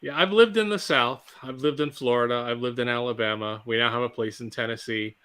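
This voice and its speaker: Bright-voiced older man chatting on a livestream. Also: medium pitch, brisk, clear, resonant tone. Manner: chatty, laughs easily. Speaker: host. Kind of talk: casual livestream chat.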